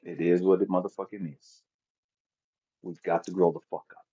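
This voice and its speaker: A man giving an impassioned, profanity-laden motivational talk, swinging between loud outbursts and quiet passages with a preacher-like cadence. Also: sits low, level tone, moderate pace, slightly rough. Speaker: motivational speaker. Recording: dull lo-fi audio.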